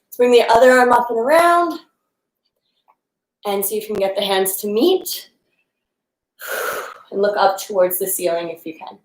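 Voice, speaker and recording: A young woman guides a live-streamed yoga class while moving along with it, her mid-pitched voice casual and encouraging. She sounds a little out of breath at times. The room around her is noticeably echoey. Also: measured pace, pauses often. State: slightly out of breath. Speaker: yoga instructor.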